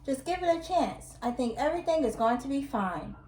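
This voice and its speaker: A woman voicing a gentle mother in a storybook reading, soft-spoken and soothing. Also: high voice, lively intonation, normal speed. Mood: coaxing. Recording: roomy echo.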